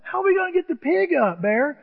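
A man's voice: high voice, huge pitch swings, fairly quick, slightly rough, exaggerated voice. A man putting on a squealing, panicky big football player. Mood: alarmed. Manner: squealing, incredulous outbursts. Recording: dull, with long hall reverb.

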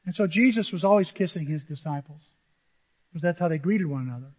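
Animated high-voiced male pastor preaching. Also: fairly quick. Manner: animated, joking, acts out quotes in different voices. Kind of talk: sermon. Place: church sanctuary. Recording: dull lo-fi audio in a large reverberant hall.

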